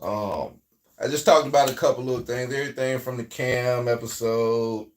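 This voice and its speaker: A man with a Southern US accent hosting a casual livestream, talking in a loose, rambling way that swings between loud and quiet. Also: medium pitch, normal speed, distant mic. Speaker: livestream host.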